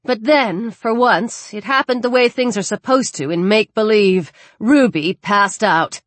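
A woman reading a horror story aloud in a measured, dramatic narrating style. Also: mid-range voice, no echo. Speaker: audiobook narrator.

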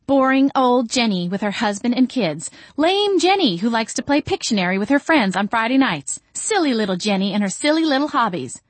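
A woman voicing a furious older sister who yells and sneers accusations in a storybook reading. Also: a little high, sing-song, brisk, hardly any pauses, no room sound, voice pushed up. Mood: hurt, mocking. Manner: yelling, sneering.

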